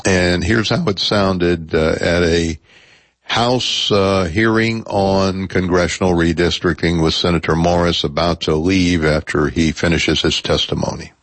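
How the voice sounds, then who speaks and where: A very deep-voiced man hosts a radio talk show from a studio mic. He talks in a measured, halting way, pausing on fillers. The sound is close and dry. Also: fairly even intonation, a bit bright, dry recording. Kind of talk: public radio call-in talk. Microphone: studio microphone.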